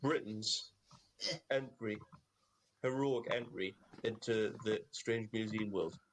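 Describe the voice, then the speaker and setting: A man's voice: on the low side, slow, slight background noise, low-quality recording. A man co-hosting a casual comedy podcast, reading out strange facts with wry asides. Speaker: podcast co-host. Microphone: podcast mic in a live online session.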